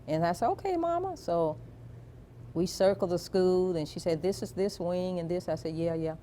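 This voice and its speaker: A woman being interviewed, telling a personal family story in a slow, soft, reflective way. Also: fairly low pitch, steady tone, a little hiss or hum.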